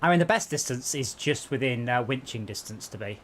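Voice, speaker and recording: Male streamer, casual gaming chat, joking and self-deprecating, very lively pitch. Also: a little fast, a little hiss or hum. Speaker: streamer playing co-op driving game.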